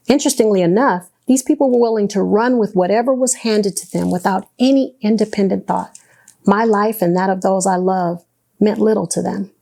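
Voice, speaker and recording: A woman's voice: mid-range voice, a little mellow. A woman telling her own story to camera in an indignant, sarcastic and earnest way, with a faith-filled tone. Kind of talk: personal testimony to camera.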